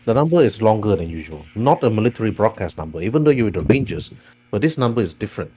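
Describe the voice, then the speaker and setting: A man's voice: lowish voice, sing-song, fast talker, dark tone, breathy edge. A man narrating a tabletop role-playing game as game master, with meandering, restart-filled phrasing.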